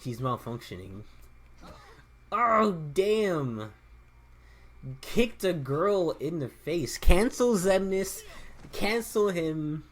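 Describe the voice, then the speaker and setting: A woman narrating her own playthrough in a low, slow, unhurried voice. Her pitch swings widely as she riffs. She cracks profane jokes and laughs her way through the game. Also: lively intonation. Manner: joking, profane, laughs often. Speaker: gaming video host. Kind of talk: let's-play commentary.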